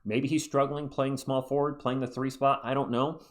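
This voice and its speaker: A man hosting his own sports commentary video, chatty and animated as he talks basketball. His voice sits at an ordinary middle pitch, and he throws in quick asides as he goes. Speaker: sports channel host.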